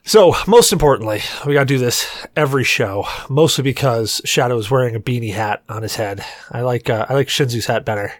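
A man's voice: mid-range voice, a little fast, hardly any pauses, no room sound, studio quality. A man hosting a podcast, teasing his guests in crude joking banter. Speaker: podcast host.

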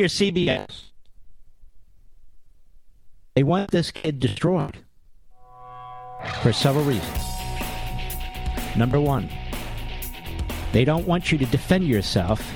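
A man hosting a political talk radio show in a monologue, combative and sarcastic, with mocking nicknames. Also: high voice.

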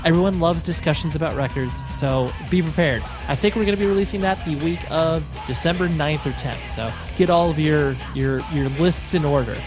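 Man, podcast host outro, nasal sick voice, chatty, slightly high-pitched, music underneath. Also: fairly quick, few pauses. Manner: chatty, relaxed, thankful.

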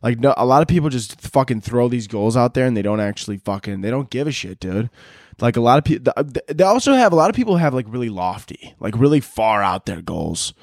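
A man's voice: medium pitch, big pitch swings, fairly quick, a little mellow, dry recording, clean studio sound. Profane, ranting young man. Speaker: podcast host. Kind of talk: casual solo rant.

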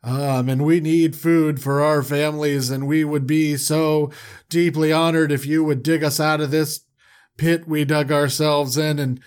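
A man's voice: a little high, flat delivery, a little slow, clean tone, close to an everyday voice. A man voicing humble, nervous farmer brothers who plead in stammering, overly formal speech.

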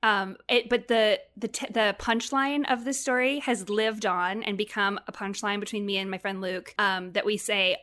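A young adult woman telling stories in casual chat, animated and acting out the dialogue she quotes. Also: medium pitch, moderate pace, hardly any pauses.

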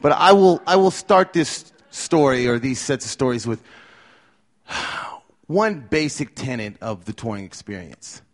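A man's voice: medium pitch, animated, measured pace. A man telling tour stories live on stage, wry and self-deprecating with a gloomy streak. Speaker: storyteller at a live show. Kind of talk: live storytelling.

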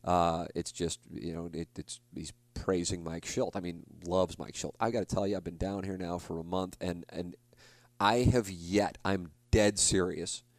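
A man in his forties hosts a podcast and talks straight to the listener in a rambling, self-deprecating way, often restarting his sentences. His voice sits fairly low, and the recording is dry and close. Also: fairly even intonation, measured pace, no room sound. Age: 40s. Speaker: podcast host. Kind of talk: casual monologue.

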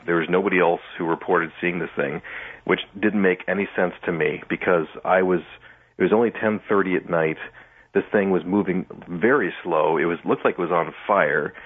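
A low-voiced man with a husky, rough edge talks in an animated way, acting out what he said back then. He comes through a tinny phone line. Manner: animated, acts out his own past reactions. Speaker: guest musician. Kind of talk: casual interview storytelling.

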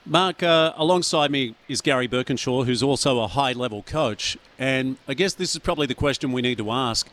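A man's voice: mid-range voice, fairly bright tone. A man hosting a radio interview, asking questions conversationally. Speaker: radio host.

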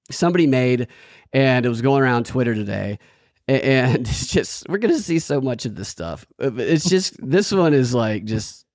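A man's voice: mid-range voice, a little mellow, no room sound, studio quality. A man hosting a casual podcast, wry and rambling as he reads out viewer comments. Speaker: podcast host.

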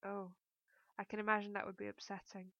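Soft-spoken tender young guy, read by a woman, muffled dull sound. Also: mid-range voice, flat delivery, brisk, no echo, lightly acted. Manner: quiet, soothing. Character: gentle young man comforting his sweetheart.

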